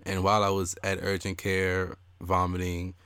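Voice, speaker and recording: A young man with a low-pitched, clear, resonant voice speaks at a normal speed in a dry recording. He's a podcast co-host in a casual chat, telling stories animatedly and acting out what people said.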